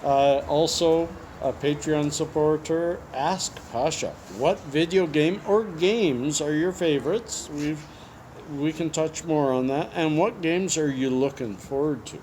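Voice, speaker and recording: A man hosts a relaxed interview, reading viewer questions aloud and tossing in jokes and asides as he goes. His voice sits a little higher than most men's. A faint hiss of noise sits under it. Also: measured pace. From Canada. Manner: chatty and joking, with frequent asides. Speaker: YouTube host.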